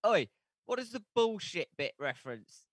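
A man hosting a horror podcast, chatting casually in an excitable, jokey way into a podcast mic. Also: mid-range voice, moderate pace, no echo, clean studio sound. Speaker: podcast host. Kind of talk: casual chat.

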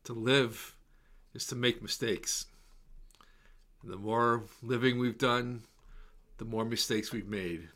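A man preaching a sermon in a slow, measured, reflective way, letting repeated words fall soft and quiet. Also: medium pitch, fairly even intonation.

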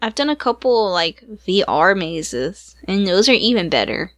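A woman's voice: mid-range voice, very animated, a little slow. A woman in her thirties co-hosting a podcast, telling stories in casual chat and laughing easily. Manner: chatty storyteller, laughs easily. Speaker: podcast co-host.

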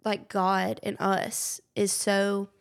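A woman's voice: mid-range voice, monotone, slow, creaky. A young woman hosting a podcast, effusive and gushing in casual conversation. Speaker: podcast host.

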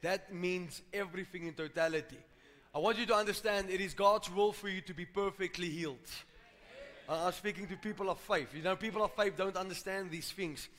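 Emphatic high-voiced preacher in a hall. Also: male voice, a little fast, fairly bright tone. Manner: emphatic, repetitive preaching with call-outs to the congregation. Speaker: pastor. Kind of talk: sermon. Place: church hall. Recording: reverberant church hall.

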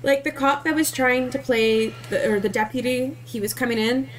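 A woman co-hosting a podcast, chatting casually about a film in a blunt, animated way and swearing freely. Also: high voice, normal speed. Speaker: podcast co-host. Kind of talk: casual movie review chat.

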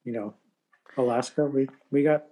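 Male podcast co-host with a mellow, mid-pitched voice and an easygoing manner. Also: fairly even intonation, normal speed, low-quality recording. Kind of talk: casual chat.

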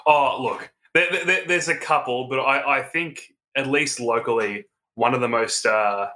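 A man chats as a podcast guest, stumbling and restarting as he gets going. His voice is bright and sharp, at a middling pitch. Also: a little slow. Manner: hesitant, many restarts. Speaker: podcast co-host. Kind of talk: casual chat.

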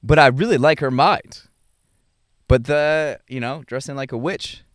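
A young adult man talking casually about his dating life, halting often with fillers and restarts and chuckling between thoughts. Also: mid-range voice, dry recording, studio quality. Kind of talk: casual rambling monologue.

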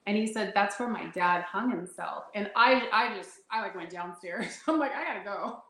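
A woman guest telling personal stories in a conversation, animated and laughing often as she acts out what people said. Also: medium pitch, moderate pace, reverberant, low-quality recording. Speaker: intuitive guest. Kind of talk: storytelling in a conversation.

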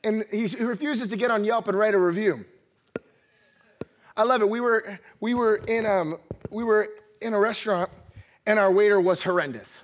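A man in his thirties preaching a lively sermon, acting out little quoted voices and laughing often as he talks. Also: sits high, moderate pace, pauses often. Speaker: pastor. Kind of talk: energetic sermon.

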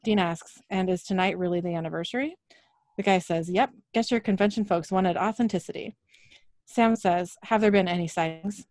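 A woman co-hosting a podcast, briskly recapping a show's scenes and reading the dialogue aloud, laughing often. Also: on the low side, darkish tone, no echo, clean studio sound. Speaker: podcast co-host recapping episodes. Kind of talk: casual recap with read-out dialogue.

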